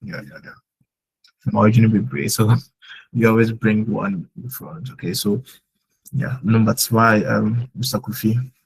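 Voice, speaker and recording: A man teaches German in a live online class. His voice sits a bit low, with a gravelly, husky grain. He explains sentence order patiently and leans on "like" as he thinks aloud. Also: steady tone, a little slow, pauses often, low-quality recording. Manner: explains with many "like" fillers.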